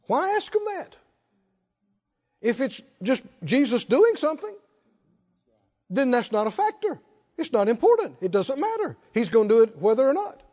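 A man's voice: extremely high pitch, big pitch swings, normal speed, long pauses, darkish tone, in a large hall, lo-fi sound. A man preaching a sermon, often asking the congregation to respond. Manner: rhetorical, asks the congregation to respond.

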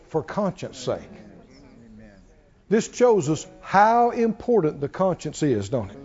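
A preacher man delivers a sermon in a high, lively voice that swoops up and down. He's folksy and keeps laughing, dropping into low mock voices to play people. The recording sounds dull and lo-fi.

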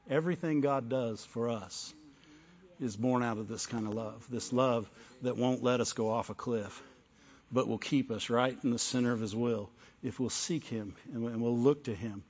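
A man's voice: mid-range voice, steady tone, measured pace, long pauses, husky. Older man preaching in a reverberant hall. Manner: call-and-response preaching, rising to fervent peaks; drops into soft storytelling. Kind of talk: sermon. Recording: dull sound with long hall reverb.

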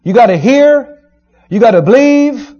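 A man preaching a sermon, retelling a story with emphatic, dramatic rising shouts. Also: extremely high pitch, lively intonation, measured pace. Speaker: pastor. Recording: dull lo-fi sermon recording.

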